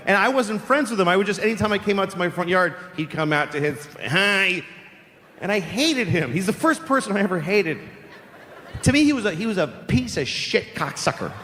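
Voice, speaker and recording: A man in his forties telling a stand-up story in a profane, deadpan way, live on stage before an audience. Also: fairly high pitch, a little hiss or hum. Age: 40s. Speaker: stand-up comedian. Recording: live hall recording with long reverb.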